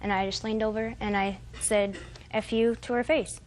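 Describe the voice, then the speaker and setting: A woman's voice: medium pitch, fairly even intonation, moderate pace, darkish tone, a little hiss or hum. A woman in her twenties giving testimony as a defendant in court, rambling and hesitant, quoting what others said. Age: 20s.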